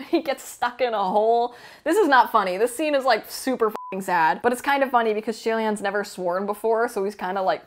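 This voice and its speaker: A woman rambling casually about a book she loves, with an animated, gushing fan manner and frequent laughter. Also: a little high. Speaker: book vlogger. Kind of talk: casual book review chat.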